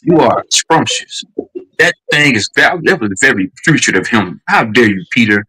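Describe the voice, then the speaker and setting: A man doing a pompous, over-formal educated gentleman with a lower, stiff, proper voice. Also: animated, normal speed, slightly rough, rough recording. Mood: prim scolding. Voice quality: overly proper, pompous diction.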